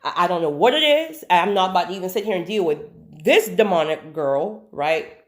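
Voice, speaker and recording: A woman telling a personal story to her viewers, chatty and animated, with asides and faith talk. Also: fairly low pitch, fairly quick. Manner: faith-based talk of God and spirits. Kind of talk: casual storytelling.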